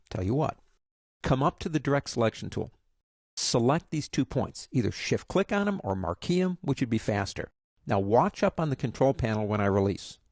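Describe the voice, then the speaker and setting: A man teaching a software lesson, chatty and guiding step by step with joking asides. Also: medium pitch, creaky, no echo, studio quality. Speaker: software instructor. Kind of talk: screen-recorded tutorial.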